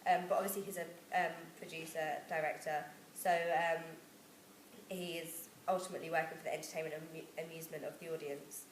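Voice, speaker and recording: A woman with a rather low voice presents to her class and pauses often on fillers. The room is echoey, with a faint hiss behind her. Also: little pitch movement. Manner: hesitant, with many fillers. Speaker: student presenter.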